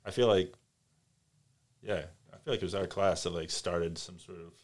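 A man chatting as a podcast guest, laid-back and quick to laugh along. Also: deep voice, fairly even intonation. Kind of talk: casual chat.

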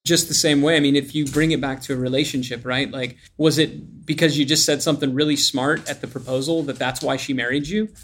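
A man's voice: mid-range voice, steady tone, a little fast, few pauses, fairly bright tone. A man, a podcast guest, giving an emphatic, opinionated rant about marketing. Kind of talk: casual rant.

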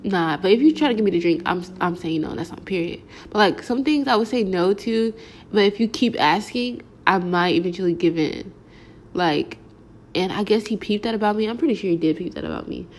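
A woman's voice: mid-range voice, fairly quick, a little mellow. A young adult woman telling a casual storytime, rambling along with slangy filler words. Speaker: vlogger.

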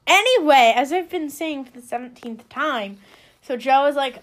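A woman's voice: high-pitched, expressive, normal speed. A young woman co-hosting a podcast in casual chat, wry and bossy as she retells a plot. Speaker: podcast co-host.

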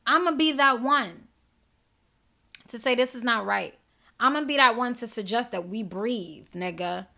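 Woman ranting on her podcast, gravelly, bright and kinda high. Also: unhurried. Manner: emphatic, profane, preachy, addresses listeners directly. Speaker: podcast host. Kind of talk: passionate solo podcast monologue.

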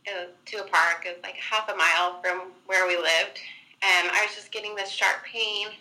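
A woman's voice: medium pitch, steady tone, normal speed, bright, forceful tone, low-quality recording. A young woman telling a personal story in a chatty way, full of filler words, acting out what people said. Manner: chatty, many "like" fillers, acts out quotes. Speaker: guest.

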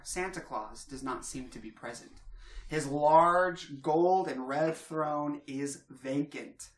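A man narrating a tabletop game as game master, relaxed and halting, with fillers and frequent laughs. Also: fairly high pitch, roomy sound.

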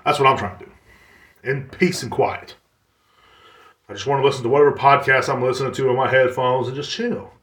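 A man's voice: medium pitch, fairly even intonation, a little fast, long pauses, a bit bright, echoey room. A young man hosting his own podcast, ranting in a profane, exasperated way and mocking other people in put-on voices. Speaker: podcast host. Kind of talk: solo ranting monologue.

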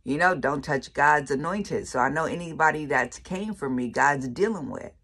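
A woman's voice: low-pitched, normal speed, a bit bright, husky. A woman preaching her personal faith testimony in a casual, colloquial way, emphatic and repeating phrases for effect. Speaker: faith speaker sharing testimony.

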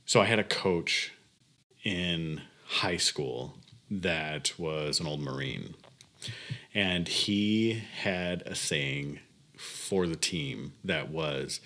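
A man's voice: a bass voice, slow pace, sharp tone. A young man co-hosting a podcast in laid-back casual chat, laughing often and trailing into fillers. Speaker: podcast co-host.

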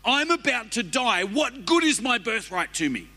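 A man's voice: extremely high pitch, big pitch swings, moderate pace, creaky, bright, forceful tone, pitched above the performer's own voice, exaggerated voice. A man voicing a starving, frantic grown hunter who pleads and stammers for food.

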